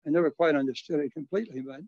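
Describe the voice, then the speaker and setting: Elderly male priest, eighties, halting reminiscing delivery, muffled dry recording. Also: fairly high pitch, no room sound. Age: 80s. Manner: halting storyteller, frequent restarts and soft chuckles. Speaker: retired Catholic priest and social worker. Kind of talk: reminiscing in an interview.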